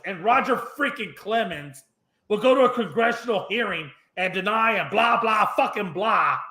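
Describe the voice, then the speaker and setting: A man's voice: sits high, pushed and bright, echoey room. A man hosting a sports talk show, ranting with heavy swearing and mocking impressions. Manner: profane, mocking, acts out quotes in exaggerated voices. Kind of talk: heated sports talk rant.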